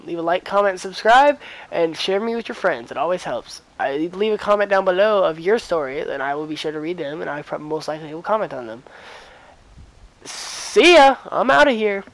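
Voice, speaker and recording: A man's voice: high voice, fast, low-quality recording. A teenage boy vlogging, rambling through a story with lots of fillers and acted-out dialogue. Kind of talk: casual storytime.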